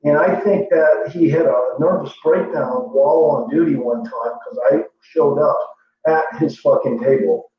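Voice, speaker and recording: Boastful man, profane rambling, fairly high voice, very echoey room, mic far off, dull lo-fi sound with faint hum. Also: a little slow. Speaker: livestream host. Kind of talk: rambling casual monologue.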